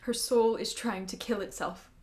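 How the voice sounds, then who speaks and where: A woman's voice: a little high, steady tone, moderate pace, darkish tone, close to an everyday voice. An actress playing a devoted nurse, worried for her queen and pleading in a stage drama.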